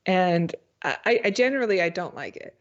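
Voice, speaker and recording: A woman's voice: lowish voice, expressive, fairly quick. A woman co-hosting a TV review podcast, speaking casually and a little hesitantly, often laughing as she critiques. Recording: dull lo-fi sound.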